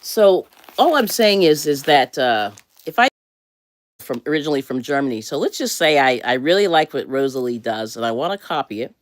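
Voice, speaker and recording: An American woman hosts a casual motivational livestream, her voice rumbling low and sing-song with a slightly fast pace and no room sound. She rambles, corrects herself, and laughs often.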